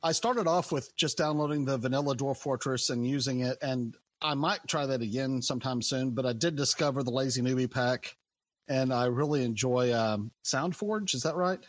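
A man chatting casually about games in a relaxed, rambling way that trails off. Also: medium pitch, normal speed, soft background music. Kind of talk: casual chat.

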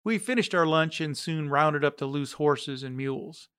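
A man narrating a story read from a letter, steady and reflective. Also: a little high, moderate pace, clean tone, dry recording, studio quality.

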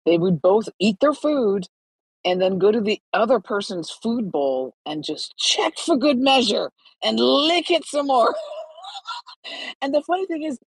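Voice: medium pitch, big pitch swings, measured pace, creaky, husky, no echo, low-quality recording. A participant in a casual online group chat, greeting everyone in a friendly way and telling a light anecdote with giggles. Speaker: participant in a community talk show.

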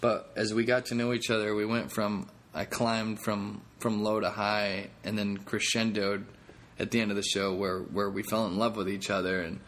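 A man's voice: lowish voice, level tone, normal speed, fairly bright tone. A comedian hosting his own podcast, talking in a rambling, jokey, self-deprecating way. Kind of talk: casual podcast monologue.

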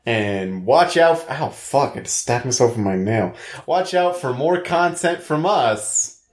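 A man from Texas co-hosting a podcast in casual chat, deadpan with quick asides. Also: mid-range voice, roomy sound. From Austin, Texas. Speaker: podcast co-host.

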